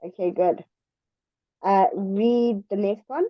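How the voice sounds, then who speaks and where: A woman's voice: medium pitch, slow pace, no room sound, lo-fi sound. A woman tutoring English one-on-one over a video call, explaining patiently with examples. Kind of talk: one-on-one online English lesson.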